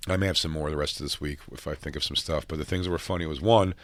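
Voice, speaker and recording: A man's voice: very deep voice, steady tone, very fast, no echo. A man co-hosting a casual talk show, telling rambling, profane stories and acting out drunk people he met. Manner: rambling, profane, acts out drunk fans in raised voices. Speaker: podcast co-host. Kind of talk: casual chat, storytelling.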